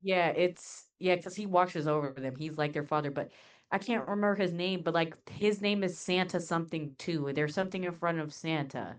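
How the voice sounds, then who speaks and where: Blunt, joking woman with a lowish voice. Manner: blunt, jokey, quick to interject. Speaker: co-host. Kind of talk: casual anime reaction chat.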